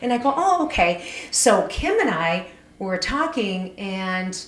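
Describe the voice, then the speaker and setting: Woman podcast guest, casual storyteller, mid pitch, echoey room. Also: slow. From Syracuse, New York. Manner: animated, acts out other people's lines.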